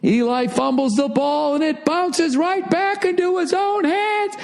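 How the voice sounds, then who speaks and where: A man playing an over-the-top football play-by-play announcer, shouting and stretching out his calls. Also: very high voice, unhurried, vocal fry, pitched above the performer's own voice, heavily acted. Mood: frantic.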